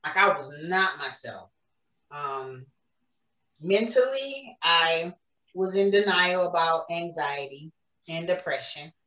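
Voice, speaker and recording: A woman's voice: on the low side, expressive, slow, pushed and bright, highs cut off. A woman giving an earnest, emotional personal faith testimony as a podcast guest. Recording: roomy echo, distant mic.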